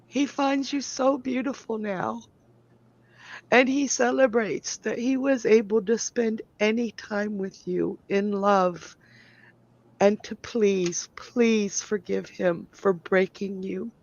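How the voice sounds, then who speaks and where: A woman medium delivers a heartfelt reading at an unhurried, halting pace, her voice rough with fry. The sound is close and dry, and the recording is dull and lo-fi. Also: medium pitch, fairly even intonation, a little mellow. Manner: slow, tender, halting delivery with apologies. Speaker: psychic medium guest. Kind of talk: emotional live psychic reading.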